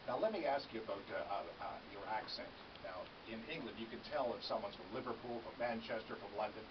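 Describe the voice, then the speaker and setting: A man co-hosting a morning radio show, asking halting questions in a casual interview. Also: fairly low pitch, recorded from a distance, lo-fi sound, noisy background.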